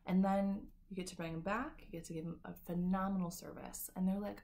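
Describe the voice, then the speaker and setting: A woman's voice: on the low side, fairly even intonation, normal speed, gravelly, few pauses, darkish tone. A woman working as a beauty industry coach, giving a casual, upbeat talk to camera with lots of "like" and "kinda". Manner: chatty and upbeat, full of "like" and "kinda".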